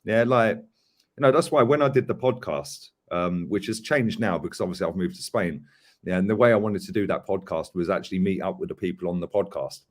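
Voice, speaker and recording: A man hosts a relaxed podcast chat, telling stories with animated energy and frequent laughter. His voice sits on the lower side. He talks loosely, with plenty of fillers. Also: fairly quick. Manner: animated storytelling, laughs often, many fillers. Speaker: host.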